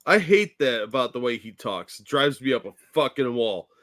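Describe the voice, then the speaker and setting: A man's voice: mid-range voice, very animated, normal speed, fairly bright tone. A man co-hosting a live reaction stream, irritated and profane, openly exasperated by what he hears. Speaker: co-host.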